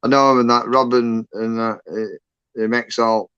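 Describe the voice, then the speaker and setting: Rambling man, smooth voice. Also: mid-range voice, steady tone, a little slow, fairly bright tone, dry recording, lo-fi sound. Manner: rambling, full of fillers like "and that". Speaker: guest on a livestream. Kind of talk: casual chat.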